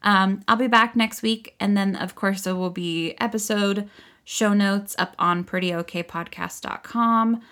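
A woman's voice: mid-range voice, fairly even intonation, measured pace, a bit bright. A woman hosting a podcast in a casual chat, laughing often and swearing freely. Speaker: podcast host. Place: child's bedroom, seated on floor.

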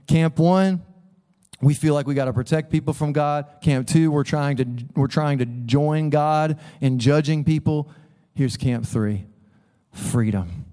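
A man delivers a sermon in church with a fairly high voice. He keeps it conversational, cracking jokes with the congregation and acting out the people he quotes. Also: dark tone, clear, resonant tone. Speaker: pastor.

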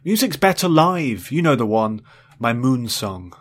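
A man's voice: mid-range voice, big pitch swings, measured pace. A man voicing a drunk, weepy middle-aged former space explorer who rambles drowsily with slurred speech. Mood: pleading.

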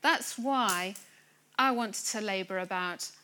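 A woman preaching a sermon to a church congregation, earnest and building to excited emphasis. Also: medium pitch, slow pace, slight background noise. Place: church gathering room.

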